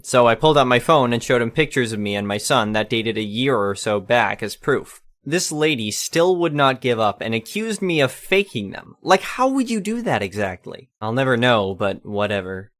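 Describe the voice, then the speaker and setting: A man reading an online storytime post aloud in a plain, even delivery. His voice sits at an ordinary, middle pitch for a man. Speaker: narrator.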